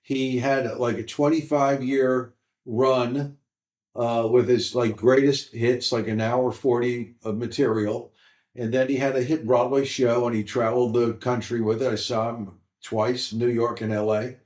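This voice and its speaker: A stand-up comedian in his sixties, telling animated stories from his career in an interview. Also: mid-range voice, unhurried. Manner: animated anecdotes, mimics voices in quotes. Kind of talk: storytelling interview. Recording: roomy echo.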